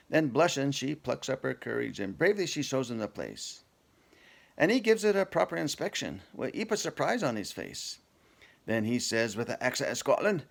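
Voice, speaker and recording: A man's voice: mid-range voice, very animated, moderate pace, vocal fry. A man reciting a comic poem from memory, telling it in broad northern dialect.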